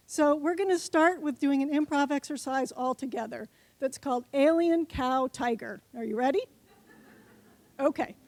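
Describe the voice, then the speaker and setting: A woman's voice: high voice, no echo. A woman giving a short conference talk who leads the audience in an improv exercise, coaxing the crowd playfully. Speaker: conference speaker. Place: conference hall stage.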